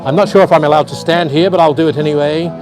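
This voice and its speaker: A man's voice: a little high, fast, over music. A man, giving rambling live walking-tour commentary at a beach resort and talking to viewers at home. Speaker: livestream vlogger. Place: outdoor beach resort pool area. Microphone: handheld phone camera.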